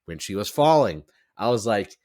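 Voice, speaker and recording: Low-voiced podcast host guy just rambling along, tons of "like"s. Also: very animated, moderate pace, dark tone, no echo, studio quality. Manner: rambling, full of "like" fillers. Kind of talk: casual chat.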